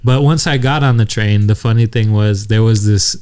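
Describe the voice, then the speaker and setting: A man's voice: lowish voice, moderate pace, background noise. Young male podcast co-host, loose rambling storyteller, frequent laughs. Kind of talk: casual chat.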